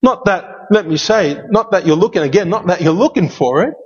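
A man's voice: high-pitched, lively intonation, brisk, a little mellow, breathy edge. A man preaching a sermon as pastor, emphatic and given to repeating key phrases. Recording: dull sound with long hall reverb.

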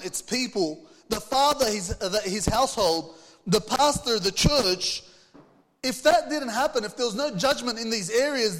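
A man's voice: very high voice, a bit bright, in a large hall. A man preaching a sermon, reading scripture aloud and putting earnest rhetorical questions to the congregation. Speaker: pastor.

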